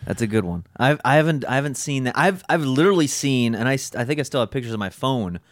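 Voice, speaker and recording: This young podcast co-host talks in a mid-range voice with lively intonation and a quick pace, recorded dry with clean studio sound. He rambles through a casual chat about his old jobs, swearing freely and poking fun at himself.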